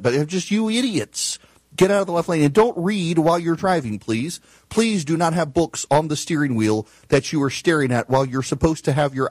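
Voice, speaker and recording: Lively ranting male talk host. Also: mid-range voice, dry recording. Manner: exasperated, laughing, storytelling. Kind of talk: ranting monologue.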